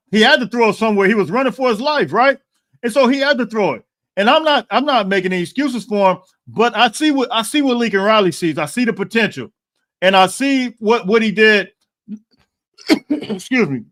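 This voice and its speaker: A man with a high-pitched voice hosts a live stream in loose, casual chat. He stumbles and restarts phrases often, breaking them up with throat clearing and the odd cough. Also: fairly bright tone. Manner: restarts and repeats words, reads out viewer comments. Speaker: podcast host.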